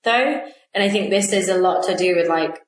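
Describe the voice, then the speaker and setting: A woman's voice: lowish voice, moderate pace. A woman with an English accent, co-hosting a podcast and reflecting at length in casual conversation. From London. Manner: reflective, talks in long winding sentences. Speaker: podcast co-host. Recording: echoey room, faint noise.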